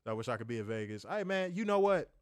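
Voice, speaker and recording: A man co-hosting a casual wrestling chat, joking, slangy and animated. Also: medium pitch, quick pace, clear, resonant tone, no echo. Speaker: podcast co-host.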